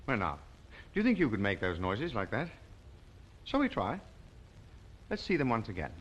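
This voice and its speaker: A man presenting a children's TV show, talking gently and slowly to young viewers and coaxing them to join in. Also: fairly low pitch, wildly swooping pitch, dull audio. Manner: slow, coaxing, sing-song, invites the viewer to join in. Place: television studio.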